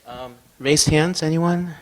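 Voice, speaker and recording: A man moderating a forum, giving brief, low-key prompts and calling on people for questions. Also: slow, background noise.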